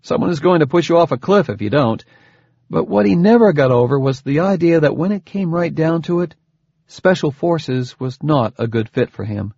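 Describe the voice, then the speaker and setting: A man narrates an audiobook in a husky voice, bringing expressive, dryly humorous storytelling. His pitch moves in wide, animated swings. The recording is dull and lo-fi, with no room sound at all. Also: moderate pace, dry recording. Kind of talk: scripted narration. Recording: dull lo-fi, dry close recording.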